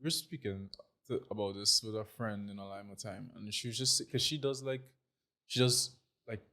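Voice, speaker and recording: Low-voiced easygoing podcast host, a man. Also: normal speed, pushed and bright. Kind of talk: casual podcast conversation.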